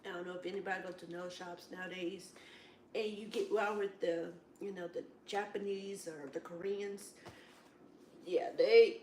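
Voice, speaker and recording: A woman in casual chat at a Bible study, telling rambling, animated stories with lots of "it's like, wow.". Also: medium pitch, normal speed, slight background noise. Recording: echoey room, distant from mic.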